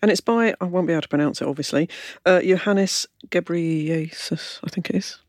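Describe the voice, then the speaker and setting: A woman's voice: fairly low pitch, a little mellow, dry recording, clean studio sound. A woman hosting a food podcast, bubbly and playful, gushing over books and cake in casual chat. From United Kingdom. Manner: bubbly, fast, playful, effusive. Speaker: podcast host.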